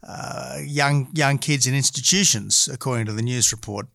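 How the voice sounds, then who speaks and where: Man, Australian accent, middle-aged, political guest, deliberate arguing, lots of hesitation, dry sound. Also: medium pitch, vocal fry, a bit bright, dry recording. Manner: measured and argumentative, frequent hesitations. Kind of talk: political interview.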